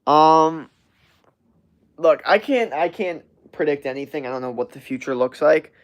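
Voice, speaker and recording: A young man hosting a livestream, chatting casually and reacting to viewer comments in a rambling, profane, animated way with lots of fillers. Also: on the high side, measured pace. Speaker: livestream host.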